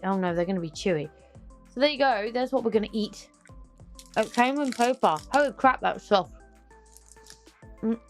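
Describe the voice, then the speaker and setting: Chatty young woman unboxing. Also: a little high. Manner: chatty, excitable, hums and sings little tunes. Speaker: unboxing vlogger. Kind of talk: casual unboxing chat.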